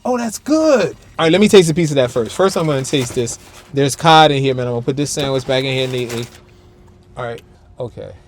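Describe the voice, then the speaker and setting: A man's voice: mid-range voice, fast talker. A man hosting a casual food-tasting vlog from the back seat of a parked car, chatting to viewers while he chews and hums his approval. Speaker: food vlogger host. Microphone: camera-mounted mic, a little far off.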